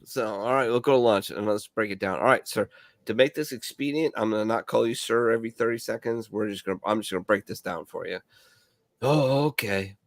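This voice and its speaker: A man, a veteran regular on the show, telling rambling, profane stories in casual bar banter and laughing loudly. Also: lowish voice, brisk, dry recording, clean studio sound.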